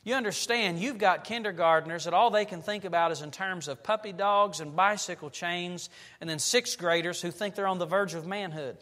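A pastor preaching a sermon in a church, telling stories and building to loud, emphatic passages. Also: male voice, high-pitched, normal speed. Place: church sanctuary. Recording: long reverb of a church hall.

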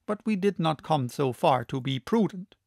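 A man narrating a classic novel as an audiobook in a measured, deliberate reading. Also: on the high side, lively intonation, vocal fry, a little mellow, dry recording, clean studio sound.

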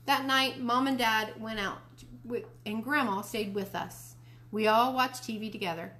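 Woman storyteller, expressive children's read-aloud. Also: fairly high pitch, measured pace. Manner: expressive reading, switching into character voices. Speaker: library storyteller.

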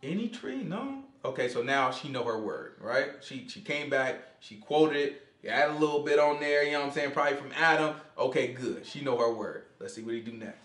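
A man leading a casual Bible study, animated and conversational, acting out the quotes he explains. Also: mid-range voice, brisk, few pauses. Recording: echoey room.

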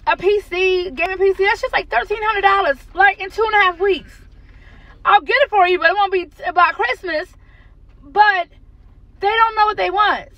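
Speaking in an extremely high, bright and forceful voice, a thirty-something American mother vents candidly about her kids from her car, cursing now and then. She starts out parked and then drives home.

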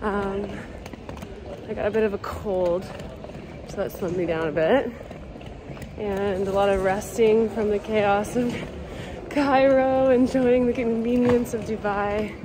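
A young woman vlogger giving a relaxed, chatty travel update from an airport. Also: mid-range voice, takes it slowly, long pauses. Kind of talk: casual travel vlog update. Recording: noisy airport background.

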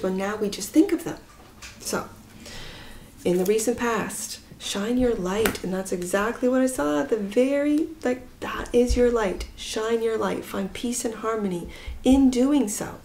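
A woman giving a spiritual tarot reading in an earnest, rambling way, sometimes dropping to a soft whisper. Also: medium pitch. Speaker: tarot reader. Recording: echoey room with faint noise.

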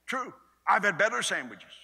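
A man preaching a sermon in a conversational way, swinging between loud and hushed delivery. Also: high voice, very animated, normal speed, vocal fry, husky. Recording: long reverb of a large hall.

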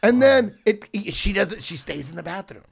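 A man telling a story in casual chat, animated, jumping between loud outbursts and hushed asides. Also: high-pitched, normal speed, vocal fry, husky. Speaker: guest.

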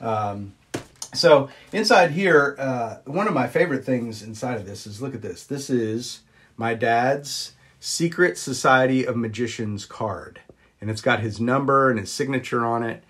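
A man chatting casually on a live stream, greeting viewers and filling pauses with ums as he shows old magic props. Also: animated, fairly bright tone. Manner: chatty, greets viewers, jumps up high on exclamations; frequent ums and uhs. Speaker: vlogger showing magic props.

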